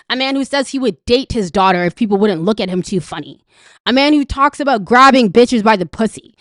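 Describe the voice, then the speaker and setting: Canadian woman ranting about politics, swears a lot, sarcastic, higher voice, dry close sound. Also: a bit bright, dry recording. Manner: angry, profane, sarcastic. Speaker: political commentator. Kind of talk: ranting reaction commentary.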